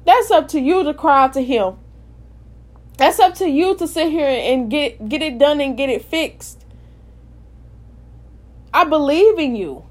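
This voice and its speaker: High-voiced woman preaching with passion. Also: measured pace, pauses often. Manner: impassioned, repetitive, swings between loud and soft. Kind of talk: informal sermon.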